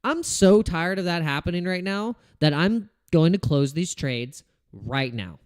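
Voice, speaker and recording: Exasperated, lively-pitched male streamer. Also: a little slow, no room sound, clean studio sound. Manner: frustrated, swearing, rambling with restarts. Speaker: crypto trading livestream host. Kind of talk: casual livestream rant.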